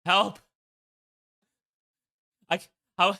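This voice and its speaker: A man's voice: fairly high pitch, a little slow, sharp tone, clear, resonant tone. A young man hosting a casual watch-party stream, rambling and swearing freely as he talks.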